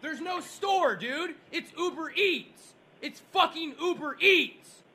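A man on a prank phone call, ranting furiously and swearing nonstop, breaking into shouts. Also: very high voice, lively intonation, slow pace. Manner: shouting in bursts. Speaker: prank caller.

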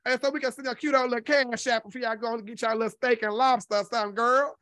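A man hosting a gossip commentary show, talking loudly and brashly with constant profanity. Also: extremely high pitch, fairly even intonation, fast talker, no echo, clean studio sound. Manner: loud, brash, heavily profane.

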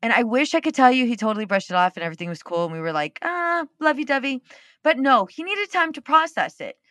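This is a woman host of her own podcast, telling a personal story in an easygoing, unfiltered way and cursing when it fits. Her voice is bright with an edge of tension. The sound is close and dry. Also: fairly high pitch, fast talker, no echo. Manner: candid and expressive, swears freely. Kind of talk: casual storytelling monologue.

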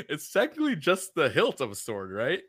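A man's voice: on the high side, dry recording. A man co-hosting a podcast in casual chat, joking and often laughing as he talks. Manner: laughing, joking, lively banter. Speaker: podcast co-host.

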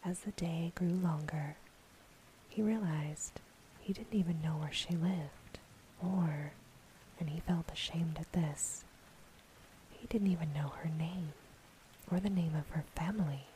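Woman whispering a slow bedtime story. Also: sits low, a little hiss or hum, low-quality recording. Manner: soft unvoiced whisper throughout.

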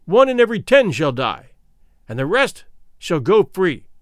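A man's voice: high-pitched, sing-song, moderate pace, no room sound, clean studio sound. A man voicing a proud male tribal herald, proclaiming titles in a ceremonial manner. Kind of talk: audiobook character voice.

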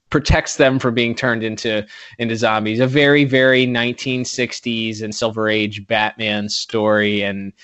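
A man's voice: fairly low pitch, a bit bright, no echo. A man co-hosting a podcast in casual chat, rambling and correcting himself with frequent chuckles. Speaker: podcast co-host. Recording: dull lo-fi podcast mic.

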